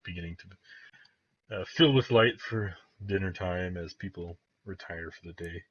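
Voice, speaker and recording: A man with a very low, husky voice narrates a tabletop game as game master, wandering through scenes with plenty of fillers. The recording is dry and dull, with a muffled, lo-fi edge. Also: unhurried, a bit bright. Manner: rambling, with many fillers.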